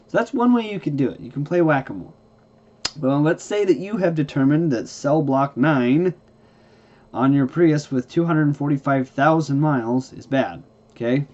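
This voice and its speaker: A man's voice: medium pitch, warm tone. A man teaching hybrid car battery care in a casual, folksy way, tired and yawning, often asking "okay?" and restarting his sentences. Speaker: hybrid car repair instructor. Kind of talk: casual explanatory lesson. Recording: slightly dull lo-fi recording.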